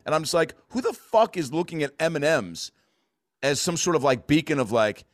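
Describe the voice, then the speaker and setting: An American man in his thirties, rambling in a profane, animated way through a casual podcast chat. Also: on the high side, normal speed, dry recording, studio quality. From United States.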